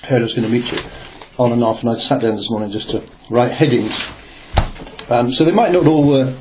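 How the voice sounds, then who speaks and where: A man's voice: mid-range voice, brisk. Older guy, ex reporter, rambling story full of ums and restarts, bit of hiss behind. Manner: rambling, hesitant, with many fillers and restarts. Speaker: interviewee, former newspaper reporter. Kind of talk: reflective oral history storytelling.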